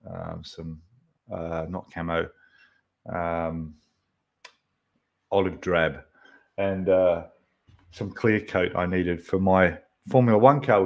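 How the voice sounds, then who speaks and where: A man's voice: deep voice, highs cut off. A man hosting a casual livestream, rambling as he answers viewers' chat messages. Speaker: livestream host.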